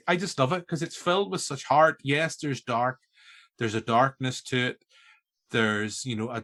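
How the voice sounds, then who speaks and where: A man's voice: medium pitch, fairly bright tone. Chatty Northern Irish man hosting. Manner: enthusiastic, rambling, with frequent restarts. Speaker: podcast host. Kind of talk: casual film-review chat.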